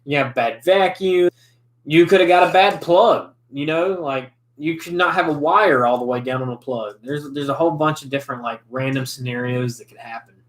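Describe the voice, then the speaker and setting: A man's voice: fairly high pitch, fairly quick. A man in his twenties chatting casually over drinks in a laid-back way, laughing often. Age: 20s. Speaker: host. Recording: echoey room.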